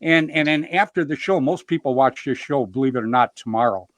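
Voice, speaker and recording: A man's voice: mid-range voice, brisk, dry recording. A middle-aged man hosting a show, telling stories in a rambling, upbeat way and dropping "you know" constantly. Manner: upbeat, jokes about himself. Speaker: show host. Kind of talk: casual storytelling chat.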